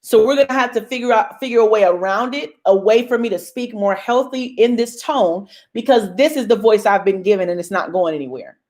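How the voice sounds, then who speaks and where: A woman's voice: a little high, fairly quick, few pauses, darkish tone. A young woman hosting a casual motivational talk to her viewers, emphatic and bold like a preacher. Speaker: host.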